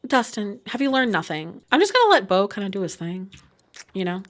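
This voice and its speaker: Young woman chatting over her game, bright voice that bounces around a lot, laughs a lot. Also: medium pitch, big pitch swings, fairly quick. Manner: chatty, laughs often, many "like" and "oh my God" asides. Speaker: gaming YouTuber. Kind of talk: casual let's-play commentary.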